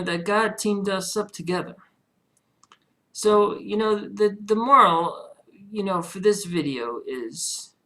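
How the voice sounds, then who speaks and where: Earnest rambling man with a gravelly voice. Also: sits high, bright, forceful tone. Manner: earnest, rambling, many "you know" fillers; heartfelt, religious. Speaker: home-business internet marketer. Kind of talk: personal video diary.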